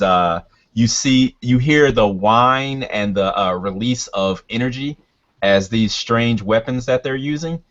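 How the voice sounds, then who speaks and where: A man's voice: on the low side, fairly bright tone, lo-fi sound. A man narrating as game master of a tabletop game, hesitant with many fillers.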